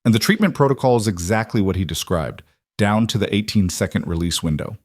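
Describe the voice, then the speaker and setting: Guy reading a calm middle-aged lady surgeon, measured and sure of herself, dry sound. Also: lowish voice, dry recording.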